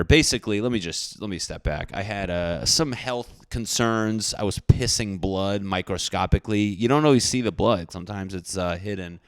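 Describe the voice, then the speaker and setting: Young guy ranting on his podcast, deep smooth voice, dry close sound. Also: normal speed, hardly any pauses, no echo. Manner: joking, rambling, self-deprecating. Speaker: podcast host. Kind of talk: casual comedic podcast rant.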